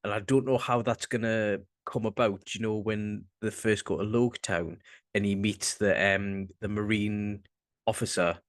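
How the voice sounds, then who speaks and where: A young man with a Northern English accent, co-hosting a casual chat, rambling and halting and swearing casually. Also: on the low side, steady tone, no echo. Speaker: podcast co-host.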